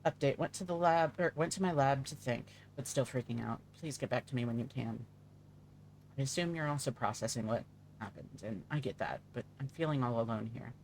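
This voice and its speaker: A man's voice: mid-range voice, fairly quick, gravelly, a little hiss or hum, close to an everyday voice. A man reading the texts of a frazzled young male friend, blunt and casual.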